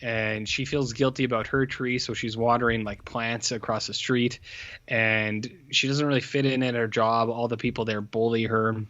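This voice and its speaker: A man co-hosts a podcast, rambling through a film review with plenty of fillers and jokey put-on voices. His voice is mid-pitched, and the recording is dry and a little muffled. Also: normal speed, no room sound. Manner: rambling, animated, full of fillers, mocks characters in put-on voices. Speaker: podcast co-host. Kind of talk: casual film review chat.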